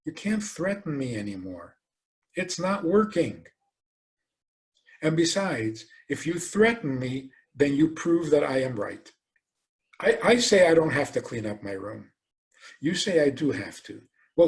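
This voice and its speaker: Animated man giving a religious lecture. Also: a little high, unhurried. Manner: animated storytelling, acts out quoted voices; rhetorical questions. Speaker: rabbi.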